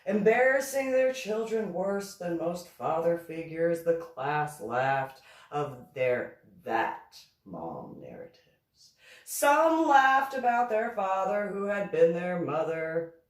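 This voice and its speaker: Woman reading her book out loud, really slow, echoey room, far off the mic. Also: big pitch swings. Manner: slow, deliberate reading with a wide pitch swing. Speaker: author reading her novel. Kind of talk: reading a novel aloud.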